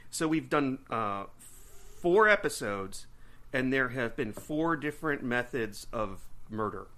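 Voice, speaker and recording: Animated, rambling male podcast co-host. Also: medium pitch, unhurried. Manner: animated, rambling, puts on silly voices. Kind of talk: casual chat.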